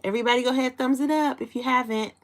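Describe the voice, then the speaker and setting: A giggly woman in her 20s from Chicago, USA, hosts a casual livestream, chatting with viewers and reading their comments aloud. Her voice is high-pitched and steady in tone, and she talks very fast.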